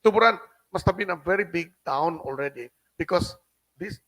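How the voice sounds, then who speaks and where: A middle-aged man with a Cebuano accent, giving a halting lecture as a guest speaker and often adding a questioning "no?". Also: high-pitched, lively intonation, a bit bright, no echo, low-quality recording. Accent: Filipino, Cebuano. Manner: halting, with frequent restarts and tag "no?". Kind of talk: lecture reading a translated document. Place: hotel function room.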